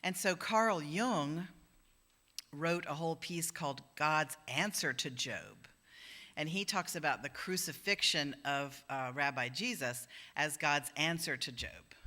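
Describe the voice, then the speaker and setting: A woman's voice: sits low, unhurried, pushed and bright. A woman minister giving a conversational sermon in a church, acting out the voices she quotes. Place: church sanctuary.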